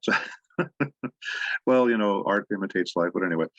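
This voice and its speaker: A man's voice: sits low, a little slow, no room sound, highs cut off. A man speaking as a voice actor guest on a convention panel, telling stories with jokes. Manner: anecdotal, jokey storyteller.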